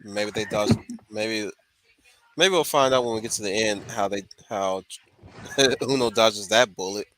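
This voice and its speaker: Low-voiced man chiming in briefly. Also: a little slow, long pauses, a bit bright, poor audio. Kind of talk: casual chat.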